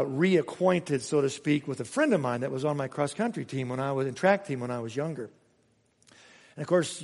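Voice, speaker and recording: A man's voice: fairly high pitch, vocal fry, darkish tone, big-room sound. A man preaching a sermon as pastor, earnest and building to emphatic repeated phrases. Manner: earnest, rising to emphatic repetition.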